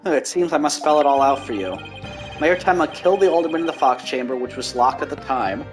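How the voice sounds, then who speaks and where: A scheming courtroom-game prosecutor lays out his case with smug, mocking condescension. He speaks deliberately, as a man voices him, with his pitch a touch high. Soft music plays underneath. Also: animated, natural voice.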